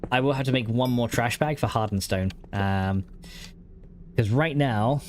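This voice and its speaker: A man's voice: medium pitch, measured pace, slight background noise. A man streaming a modded block-building game, chatting casually while he plays, rambling with lots of "like" and frequent laughs. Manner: rambling, fillers of "like", laughing often.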